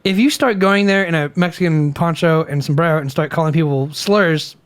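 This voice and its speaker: A young man with a fairly high speaking voice co-hosts a relaxed beer-drinking podcast. He rambles through his points, restarts sentences and laughs often. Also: fairly quick, smooth. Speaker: podcast co-host. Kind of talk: casual chat over beers.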